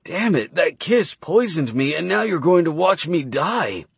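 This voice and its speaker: A man's voice: big pitch swings, measured pace, creaky, husky, no room sound, full character voice. A man voicing a young man in burning pain, strained and grunting as he accuses. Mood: agonized. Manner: strained, grunting, raised pitch.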